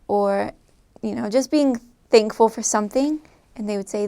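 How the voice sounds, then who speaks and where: A woman's voice: on the high side, moderate pace, a little mellow, clear, resonant tone. A young woman from the United States casually telling stories to camera in an amused, chatty way. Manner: chatty, amused, often laughing. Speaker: vlogger recalling life abroad.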